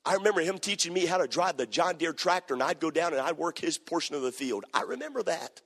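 A male pastor preaching a sermon, moving between hushed storytelling and shouting. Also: on the high side, quick pace. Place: church sanctuary. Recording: echoey church hall.

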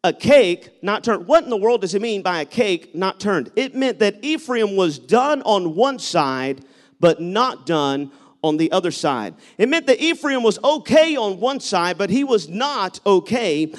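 A man preaching a sermon, telling stories and rising into loud exhortation. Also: sits high, measured pace. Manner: animated, shifts between storytelling and loud exhortation. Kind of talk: sermon with live object lesson.

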